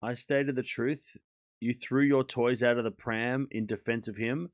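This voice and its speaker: A man's voice: medium pitch, fairly even intonation, unhurried, dry recording, studio quality. A man on a live stream, calling tennis points and chatting and teasing with his chat. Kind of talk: casual live-stream commentary.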